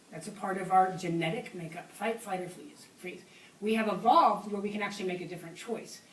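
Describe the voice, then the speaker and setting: Animated woman telling a story in an echoey hall. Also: mid-range voice, distant mic. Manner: animated, laughs often, acts out shouted exchanges. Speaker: speaker. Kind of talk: storytelling talk to an audience. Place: university hall. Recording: echoey hall, mic from afar.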